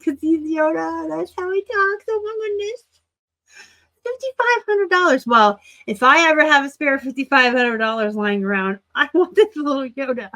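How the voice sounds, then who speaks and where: Chatty, excitable woman in her forties. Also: mid-range voice. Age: 40s. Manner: chatty and excitable, gushing over items and teasing seller titles. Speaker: reseller channel host. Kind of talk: casual screen-share commentary.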